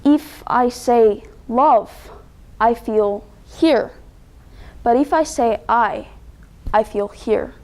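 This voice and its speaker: A soft-spoken Chinese immigrant mother, played by a young woman, talking slowly and tenderly. Her English comes out halting and simple. The voice is fairly high and gentle.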